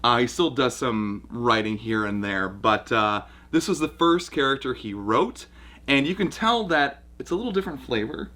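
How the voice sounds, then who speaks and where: Male host, bright tone, easygoing banter. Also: medium pitch, expressive. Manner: laid-back banter with quick laughs. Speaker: show host and writer. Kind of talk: casual commentary chat.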